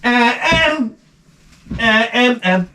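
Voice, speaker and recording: Man, channel host, rambling monologue, offhand, lively pitch, faint background noise. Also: drawn-out words. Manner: offhand, meandering, lots of fillers and restarts.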